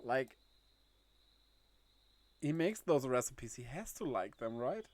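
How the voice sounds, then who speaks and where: A man's voice: mid-range voice, sing-song, slow pace, a little mellow. A man chatting casually on a game livestream, laughing often and reading chat aloud. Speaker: game streamer.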